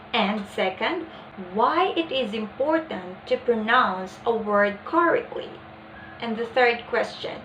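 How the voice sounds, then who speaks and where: A young woman presenting a lesson plan in a deliberate, explanatory way. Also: a little high, fairly bright tone, reverberant, slight background noise, poor audio. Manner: deliberate, acts out example lines.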